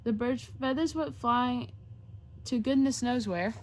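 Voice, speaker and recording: A woman reading a children's rhyming picture book aloud, expressive and rhythmic. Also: fairly high pitch, measured pace. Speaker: storybook reader, show host.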